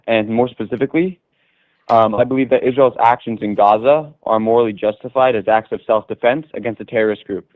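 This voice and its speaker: Brief: teen guy, formal, scripted delivery, quick pace, dry phone-line sound. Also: mid-range voice, no room sound. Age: teens. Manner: reads a prepared statement, formal. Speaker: caller. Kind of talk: caller on a live stream.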